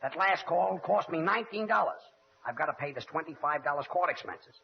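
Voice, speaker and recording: A man's voice: fairly high pitch, expressive, fairly quick, creaky. A man playing the exasperated straight man in a 1940s radio comedy, recorded from the broadcast. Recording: muffled 1940s radio broadcast with studio audience.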